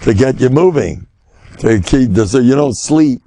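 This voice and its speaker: Gravelly older American rabbi, lively lecture. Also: male voice, a little slow, no room sound. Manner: lively storytelling, sudden high exclamations, Yiddish and Hebrew words. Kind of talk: Torah lecture on faith.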